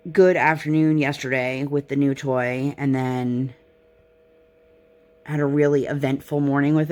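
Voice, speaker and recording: A young woman chatting casually on her crafting vlog, rambling and self-deprecating as she talks close to the mic. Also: a bass voice. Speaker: crafting vlogger. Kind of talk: casual chat while crafting.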